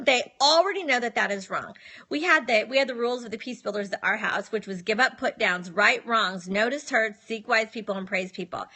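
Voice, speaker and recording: A middle-aged woman talks casually to her live-stream viewers about disciplining children. Her voice is bright and sits a little high. She sounds firm and matter-of-fact, and she acts out the words she says to her kids. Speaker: parenting advice host.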